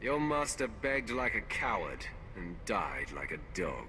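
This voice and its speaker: A man voicing a menacing, scornful Sith warrior in a video game, with a gravelly, contemptuous delivery. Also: fairly low pitch, big pitch swings, a little slow, pushed and bright, a little hiss or hum, exaggerated voice. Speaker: player character in a video game.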